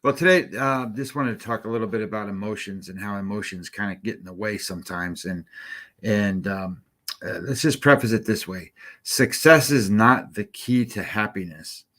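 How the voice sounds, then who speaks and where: A man's voice: fairly low pitch, moderate pace, sharp tone. Man, sports betting show co-host, motivational talk, earnest coaching tone, repeats himself, lots of fillers.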